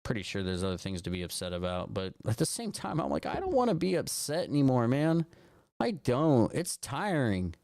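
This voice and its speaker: A man hosts a casual livestream from his phone, ranting about politics in a rambling way, restarting often and swearing frequently. His medium-pitched voice is very animated and a little mellow, at normal speed. The audio is studio quality with no echo.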